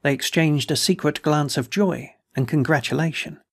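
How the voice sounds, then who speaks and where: A man narrates a classic war novel in a steady, measured audiobook reading. His voice is somewhat high, with a husky, gravelly texture. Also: no echo, studio quality.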